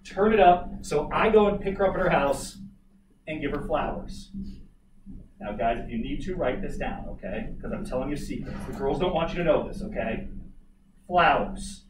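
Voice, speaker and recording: Brief: lively male teacher lecturing a class, slightly high voice, heard from across an echoey room. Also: normal speed. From Colorado. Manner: animated, jokey asides to students. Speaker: history teacher. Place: classroom, recorded from afar. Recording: echoey room, distant mic, noisy.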